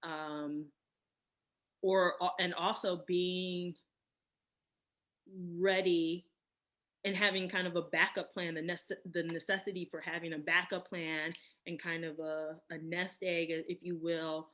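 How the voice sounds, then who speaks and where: A woman in her thirties, a guest on an interview podcast, answering in a reflective, unhurried way. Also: fairly low pitch, little pitch movement, a bit bright. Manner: reflective, many fillers and restarts. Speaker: podcast guest, cosmetic chemist. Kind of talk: casual interview.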